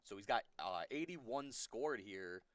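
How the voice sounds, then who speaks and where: A man's voice: lowish voice, animated, unhurried, dry recording. Analytical male darts color commentator. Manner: analytical, repeats points for emphasis.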